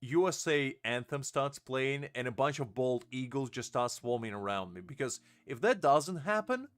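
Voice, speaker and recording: A man's voice: medium pitch, animated, moderate pace. A young man live-streaming a game, chatting casually, laughing often and answering his chat.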